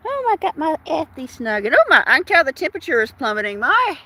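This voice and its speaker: The older woman speaks quickly in a high, sing-song voice while hosting her casual evening stream outdoors. She reads viewer comments aloud, chatty and warm-hearted, with lots of fillers and laughter.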